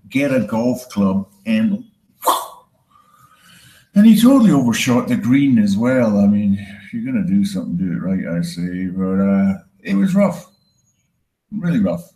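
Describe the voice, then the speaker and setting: Deadpan Scottish man doing stand-up. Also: echoey room, low-quality recording. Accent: Scottish with a Canadian tinge. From Scotland. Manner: deadpan, crude, self-mocking, breaks into high mocking voices for quoted people. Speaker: stand-up comedian. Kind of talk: stand-up comedy set.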